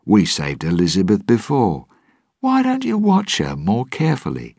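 A man voicing a sly, cocky male pirate captain who talks in an evasive, sharp-tongued drawl. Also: fairly low pitch, huge pitch swings, normal speed, creaky, husky, no echo, studio quality, pitched above the performer's own voice, exaggerated voice. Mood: dismissive.

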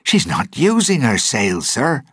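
A man voicing frightened sailors, calling out in high, panicky voices. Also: wildly swooping pitch, measured pace, fairly bright tone, breathy edge, no room sound, clean studio sound, exaggerated voice. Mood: panicked. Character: frightened rough common sailors.

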